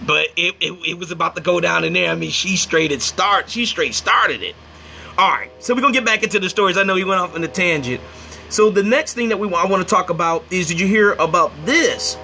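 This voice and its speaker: Animated, bright-voiced man hosting a livestream. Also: high-pitched, fairly quick, creaky, slight background noise. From Indiana, United States. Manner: animated storyteller, acts out quotes, thanks viewers mid-story. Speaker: livestream host. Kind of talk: casual livestream chat.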